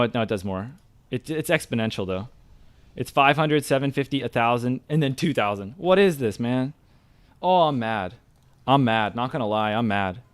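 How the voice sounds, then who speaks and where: A young man streaming a game, talking through his play with excitable, ranting frustration. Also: mid-range voice, clean tone. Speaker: gaming streamer. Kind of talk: live gameplay commentary.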